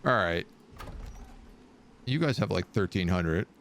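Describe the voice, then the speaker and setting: A young man streaming a strategy game with casual, excitable live commentary. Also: sits low, takes it slowly, a little hiss or hum. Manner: casual, excitable, baby-talks to his cat.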